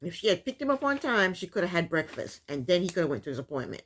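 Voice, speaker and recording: Brief: blunt, sassy woman recapping a TV episode in casual commentary, with a very lively, swooping voice. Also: on the low side, quick pace, a little hiss or hum. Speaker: reality TV recap YouTuber.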